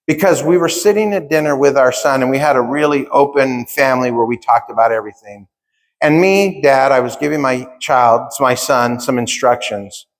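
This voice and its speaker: Animated male keynote speaker in a hall. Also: a little high. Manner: animated storytelling, acts out dialogue, addresses audience directly. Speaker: conference speaker. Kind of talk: motivational keynote talk. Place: large conference hall. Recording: long hall reverb.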